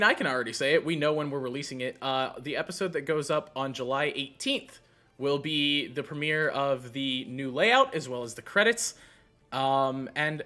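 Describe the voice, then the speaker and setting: Bright, excitable co-host, music under. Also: mid-range voice. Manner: excitable, laughing plugs. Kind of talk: casual chat.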